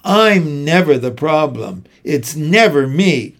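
A man giving a measured, steady first-person audiobook narration. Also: fairly high pitch, creaky.

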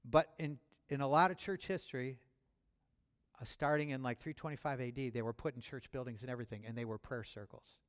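A male pastor delivers a sermon in a casual, personal way, full of restarts and small chuckles, before climbing into loud, rising fervor. His voice sits at an ordinary middle pitch. It rings out with the long reverb of a large hall. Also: fairly even intonation, a little fast. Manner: builds to loud, rising fervor near the end.

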